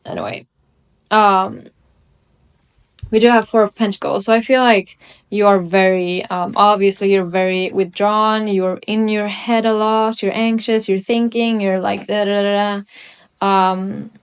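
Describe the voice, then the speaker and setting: Smooth-voiced woman doing a slow tarot reading. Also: mid-range voice, steady tone. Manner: slow, musing delivery with frequent pauses. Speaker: tarot reader. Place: room at home by a window.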